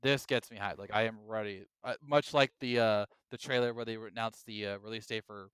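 A man co-hosting a casual gaming podcast, talking with excited energy and now and then acting out his own reactions. His voice is bright and crisp, with a dry close-mic sound. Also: lowish voice, brisk, no room sound. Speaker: podcast co-host. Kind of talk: casual chat.

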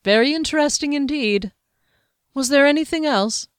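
A woman voicing a stern male lord who questions his captain in a measured, controlled way. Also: high voice, dry recording, clean studio sound, voice pushed up, close to an everyday voice. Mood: probing.

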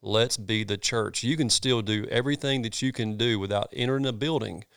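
A man's voice: lowish voice, fairly quick, gravelly, fairly bright tone, clean tone, no echo, clean studio sound. A man, a pastor talking in a casual chat, earnest and folksy, with many restarts.

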